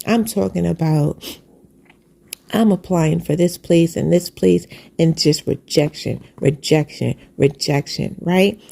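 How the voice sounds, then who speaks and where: A woman's voice: sits low, slow pace, creaky, warm tone. A woman sharing a heartfelt personal faith testimony, earnest and repetitive, with preacherly phrasing.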